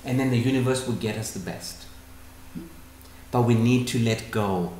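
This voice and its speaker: A man's voice: mid-range voice, normal speed, slight background noise. A man telling stories in a talk, acting out quoted dialogue in other voices. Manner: animated, acts out quoted dialogue. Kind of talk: storytelling talk answering questions. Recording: echoey room.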